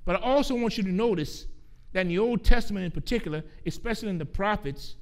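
A male preacher with a notably high voice delivers a sermon in an earnest, emphatic way. He repeats key phrases for weight and slows down when quoting scripture. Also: animated.

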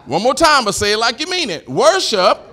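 A male preacher giving an animated sermon, leading the congregation to repeat after him and shouting at the high points. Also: fast. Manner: animated, call-and-response preaching, shouting at peaks.

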